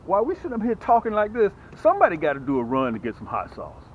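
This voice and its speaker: An excited man hosts a fishing vlog from a small boat, chatting straight to his viewers. His voice swings animatedly up and down and sits a bit high. The outdoor recording is dull and lo-fi, with a faint wash of noise behind him. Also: quick pace. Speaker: fishing channel host. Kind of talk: casual fishing vlog commentary.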